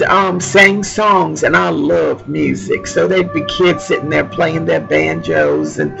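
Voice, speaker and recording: A woman with a drawl and a gravelly edge spins a rambling tale, laughing as she goes. Her voice swoops up and down freely as she hunts for the right word. The recording is dull and lo-fi, with music playing behind her. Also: lowish voice, fairly bright tone. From Louisiana. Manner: rambling, laughs often, searches for words. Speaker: storyteller. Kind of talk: personal anecdote told aloud.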